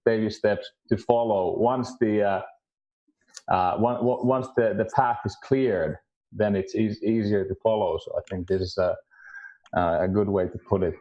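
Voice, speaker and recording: A man with a Finnish accent, a guest in a casual discussion, speaking haltingly with many restarts and repeated words. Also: fairly low pitch, steady tone, warm tone, highs cut off. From Finland.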